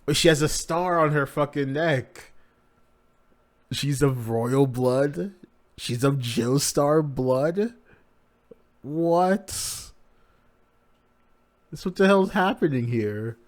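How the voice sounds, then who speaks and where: A man's voice: fairly high pitch, slow, pauses often. A man hosting a live manga reaction, narrating the pages casually and crudely with many fillers.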